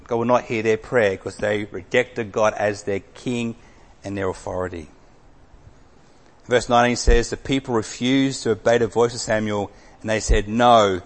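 Man preaching in an echoing hall. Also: medium pitch. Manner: dramatic swings from loud emphasis to hushed drops. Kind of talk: sermon. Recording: long hall reverb.

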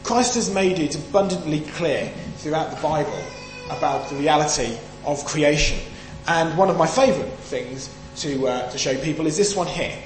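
A man's voice: a little high, normal speed, hardly any pauses, soft background music. A man from the UK preaching a Sunday sermon, emphatic and questioning the audience as he reads and explains scripture. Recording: echoey hall, faint hum.

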